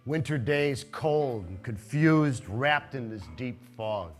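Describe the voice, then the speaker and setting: A man performing a live storytelling piece on a theater stage, animated and conversational, going soft for sad parts. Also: medium pitch, slow pace, faint music behind.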